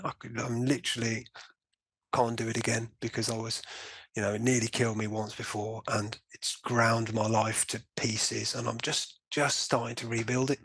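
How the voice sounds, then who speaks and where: A man, a guest in an interview, tells a personal story with animated delivery, acting out his own and the doctors' remarks and often saying "you know". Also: mid-range voice, breathy edge, no echo.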